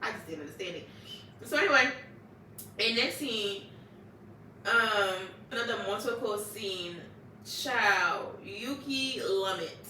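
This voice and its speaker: A woman casually recapping anime episodes in a chatty, animated way, acting out the characters and exclaiming "child.". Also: medium pitch, takes it slowly, pauses often, slight background noise. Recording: echoey room, distant mic.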